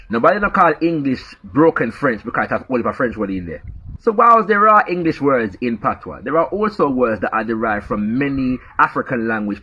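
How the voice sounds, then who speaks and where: Husky Jamaican man explaining. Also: mid-range voice, pushed and bright. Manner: lecturing, tag questions like "yeah?". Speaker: commentator. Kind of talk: explanatory commentary. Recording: dull lo-fi recording.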